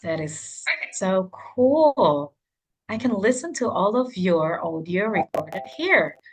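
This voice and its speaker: A woman trainer guides a group of English teachers through an online session. Her pitch swings widely and sounds lively, and she keeps her tone encouraging while filling pauses with uh and um. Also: noisy background. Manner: animated, encouraging, many fillers. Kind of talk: online workshop instruction.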